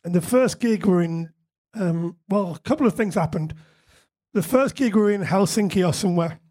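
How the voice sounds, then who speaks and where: Guy, high voice, live Q&A guest, laughs a lot, swears casually. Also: moderate pace, dark tone. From England. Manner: chatty anecdotes, frequent laughter, casual swearing. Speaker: musician guest. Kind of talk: live on-stage Q&A storytelling.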